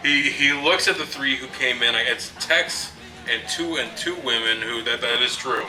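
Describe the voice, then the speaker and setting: A man's voice: medium pitch, moderate pace. A man co-hosting a casual movie review, retelling scenes and chuckling often. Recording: roomy and distant, with music behind.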